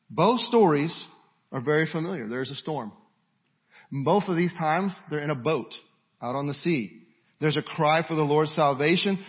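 A man's voice: fairly high pitch, husky, lo-fi sound. A man preaching a sermon, reading scripture and asking the congregation rhetorical questions.

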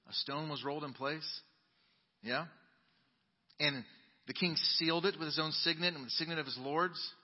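A male pastor preaching a sermon, reading scripture dramatically and swinging between booming emphasis and soft asides. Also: in a large hall, highs cut off. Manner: dramatic Bible reading with sudden loud and quiet turns. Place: church sanctuary.

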